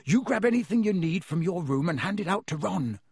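A man doing a sly, hushed teenage twin wizard. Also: high-pitched, expressive, a little fast, slightly rough, dry recording, clean studio sound, pitched above the performer's own voice, full character voice.

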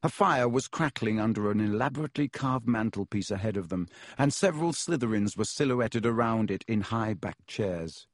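A man narrating a children's fantasy novel as an audiobook, in a measured, even storytelling manner. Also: lowish voice, no echo, clean studio sound.

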